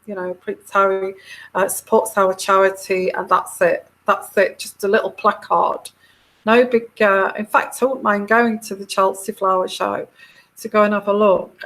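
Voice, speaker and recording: A woman's voice: mid-range voice, little pitch movement, a little slow, fairly bright tone. A middle-aged woman, talking casually as a tarot reader, chatty and giggly, with many fillers and restarts. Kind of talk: casual monologue.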